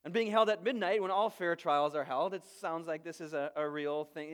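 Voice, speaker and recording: A man in his thirties, a pastor preaching a sermon and telling stories with lively quoted voices. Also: fairly high pitch, moderate pace, hardly any pauses. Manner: storytelling, animated quoted voices.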